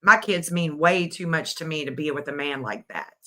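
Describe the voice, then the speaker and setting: A woman's voice: low voice, lively intonation, moderate pace, bright, forceful tone. A middle-aged woman hosting a livestream, giving emotional, scolding commentary and repeating phrases for emphasis.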